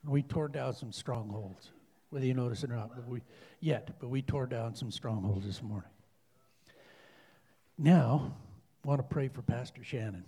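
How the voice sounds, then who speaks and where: Earnest man praying, warm husky voice. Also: medium pitch. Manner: earnest, halting, repeats himself. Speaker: prayer leader in church. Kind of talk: spoken prayer and exhortation.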